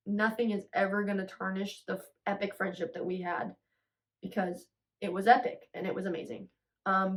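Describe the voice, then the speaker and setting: A young woman hosts a solo podcast and reads a goodbye letter she wrote herself. She is emotional and often sighs and pauses to steady herself as she reads. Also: medium pitch, far from the mic. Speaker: podcast host. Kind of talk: solo podcast, reading a personal letter aloud.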